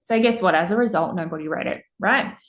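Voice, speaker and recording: A woman's voice: fairly low pitch, fairly quick. A woman hosting a podcast in a casual, emphatic monologue, blunt and swearing freely. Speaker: podcast host.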